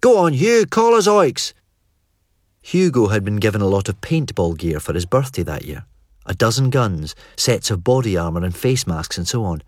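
An audiobook narrator with a low, lively male voice reads a script at a moderate pace. The recording is clean studio sound with no room noise.

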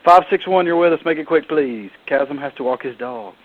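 A male radio host taking calls and moving the show along briskly. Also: a little high, animated, narrow, tinny audio, a little hiss or hum.

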